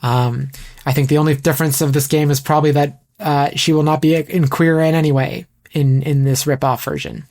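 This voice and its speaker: Brief: fast-paced man from Canada, podcast host, breezy news-reading with asides. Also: on the high side, flat delivery, darkish tone. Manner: brisk, reads quotes aloud with asides. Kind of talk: casual podcast chat.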